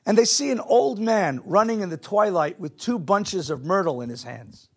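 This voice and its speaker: A man teaching a Jewish text class to a live audience, animated, asking the room questions and mixing in Hebrew and Yiddish words. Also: sits high, normal speed, slightly rough.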